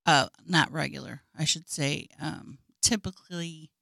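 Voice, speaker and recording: A woman in casual chat who gives calm, matter-of-fact advice. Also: deep voice, a little slow, creaky, dry recording, studio quality. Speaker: podcast co-host.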